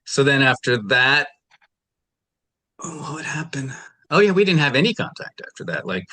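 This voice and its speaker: A man's voice: mid-range voice, very animated, moderate pace, sharp tone. A man testifying as a litigant in a courtroom, rambling through his account and retelling arguments with quoted dialogue. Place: television courtroom.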